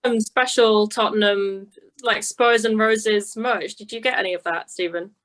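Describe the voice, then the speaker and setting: A woman's voice: medium pitch, steady tone, measured pace, fairly bright tone, poor audio. A woman, a guest on a podcast video call, giving brief casual answers.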